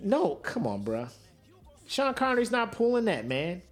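Dude cohosting a podcast, slangy, laughs a lot, voice jumps all over, lil music under it. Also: male voice, high-pitched, a little slow. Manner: animated, laughs often, slangy. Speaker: podcast co-host. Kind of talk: casual podcast banter.

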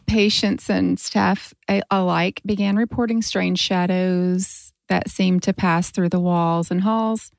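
A woman's voice: lowish voice, fairly even intonation, slow pace, creaky, hardly any pauses, dry recording. A woman co-hosting a podcast, telling a spooky story in a dramatic, teasing way. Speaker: podcast co-host. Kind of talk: casual storytelling chat.

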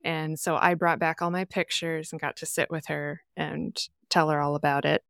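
A woman's voice: sits low, normal speed, gravelly, dry recording, clean studio sound. A woman from the American Midwest, a podcast guest chatting casually and acting out the people she quotes. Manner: animated storyteller, acts out quoted voices.

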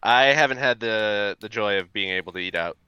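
A man's voice: fairly low pitch, a little fast, pushed and bright, clear, resonant tone, dry recording. A man in casual chat with friends, joking and laughing at the bits.

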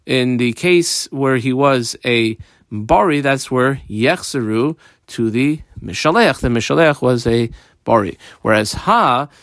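Lively man teaching Talmud, dry sound. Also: mid-range voice, a little slow, no echo. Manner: lively and playful, acts out the characters with modern examples. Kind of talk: explaining a Talmud page line by line.

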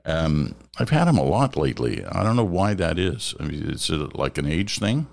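A man hosting a casual political chat, conversational and animated, acting out quotes as he tells a story, with the hiccups. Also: low voice, moderate pace, gravelly. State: has the hiccups.

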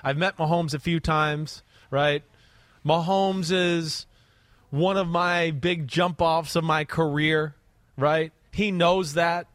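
A man with a New Jersey accent co-hosting a sports podcast, loud and high-energy, laughing often in casual chat. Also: fairly even intonation, slow pace, dry recording. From northern New Jersey. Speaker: podcast co-host.

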